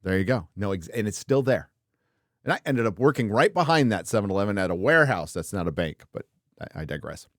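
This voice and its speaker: A man's voice: lowish voice, very animated, fairly quick, no echo, studio quality. A man in his fifties from Southern California, hosting a casual livestream chat in a loose, joking, crude manner, often trailing into filler words. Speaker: host.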